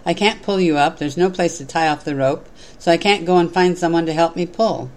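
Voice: medium pitch, a little fast, a little mellow, close to an everyday voice. A storyteller voicing an ordinary man struggling to hold a rope, who speaks with exasperated urgency. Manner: exasperated, then firm.

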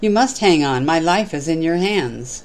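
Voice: medium pitch, expressive, normal speed, natural voice. A storyteller voicing a desperate man who clings to a rope and insists he must be held. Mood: pleading. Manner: pleading, insistent.

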